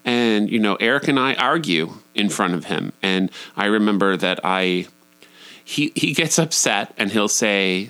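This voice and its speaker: A man's voice: expressive, measured pace, sharp tone, clean tone. Candid man telling a personal story. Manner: candid and profane, with sudden high jumps in pitch.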